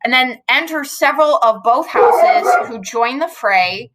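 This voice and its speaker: A woman's voice: fairly high pitch, expressive, a little slow, a bit bright, rough recording. A woman teaching a play at home, reading lines aloud and then explaining them in a casual, chatty way.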